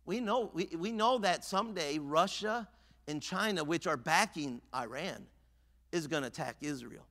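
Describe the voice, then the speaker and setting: A male pastor preaching a fervent sermon in a church sanctuary, swinging between loud exhortation and hushed earnestness. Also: a little high, animated, moderate pace. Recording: long church reverb.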